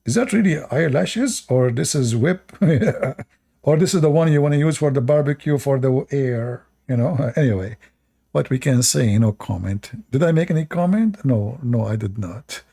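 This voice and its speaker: A man's voice: mid-range voice, moderate pace, creaky, warm tone, husky. A man giving sarcastic commentary while reading religious stories aloud, often laughing at them. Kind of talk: mocking commentary on religious texts.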